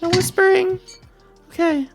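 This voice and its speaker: A woman's voice: steady tone, a little slow, faint music behind. A game master voicing Mrs. Claus as a shaky, tearful older woman who makes an announcement and breaks down crying. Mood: shaky, formal. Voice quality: shaky, high, wailing.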